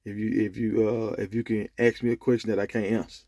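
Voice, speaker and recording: A man voicing a bored gatekeeper of heaven in a spoken joke, with a slow, dismissive drawl. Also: on the low side, level tone, mellow, no echo, voice pushed down, natural voice. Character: deep-voiced gatekeeper of heaven in a joke, unbothered.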